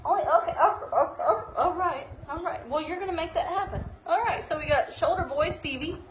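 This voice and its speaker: Woman, high voice, chatty shelter-tour host, baby-talks the cats, phone recording with faint hiss. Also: brisk, reverberant, poor audio. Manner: cooing baby-talk to cats, frequent laughs. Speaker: shelter volunteer giving a live tour. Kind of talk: casual live-stream tour. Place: indoor cat room at an animal shelter.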